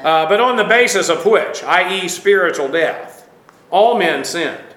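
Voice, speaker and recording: Bright-voiced male Bible teacher, echoey room. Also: sits high, animated. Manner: halting, full of uh fillers, dry asides.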